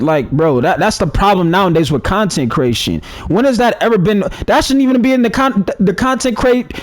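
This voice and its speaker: A man's voice: high voice, very animated, fast talker, hardly any pauses, dry recording. A man ranting in casual commentary to his viewers, heated and slangy, restarting his sentences often. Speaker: gaming commentary streamer.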